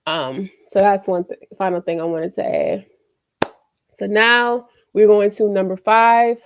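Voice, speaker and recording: A woman's voice: medium pitch, unhurried, a little hiss or hum. A woman vlogger talking casually to her viewers, candid and chatty, with slangy asides and lots of "you know". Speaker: vlogger giving life lessons. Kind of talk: casual talk to camera.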